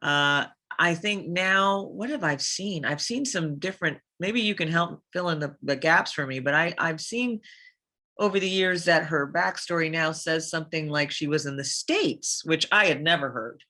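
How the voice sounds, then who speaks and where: A woman voice actress answering interview questions, hesitant and thoughtful, with frequent pauses and self-corrections. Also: low voice, sharp tone. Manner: hesitant, many fillers and restarts. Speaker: voice actress guest. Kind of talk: casual interview chat.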